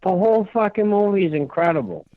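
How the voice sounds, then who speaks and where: A man's voice: high voice, quick pace, dry recording, phone-quality sound. A man chatting on a podcast, swearing freely and getting worked up as he raves about a movie. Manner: profane, excited, acts out movie scenes. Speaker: podcast host. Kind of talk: casual chat.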